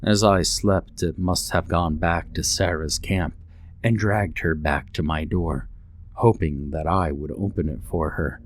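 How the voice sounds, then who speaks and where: A man narrating a horror story in the first person, with measured, dramatic storytelling. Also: sits low, fairly even intonation.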